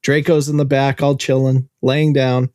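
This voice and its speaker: A man hosting a podcast and telling a long story in an animated, profane, casual way. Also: medium pitch, moderate pace, clear, resonant tone, no echo, studio quality. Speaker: podcast host. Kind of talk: casual chat.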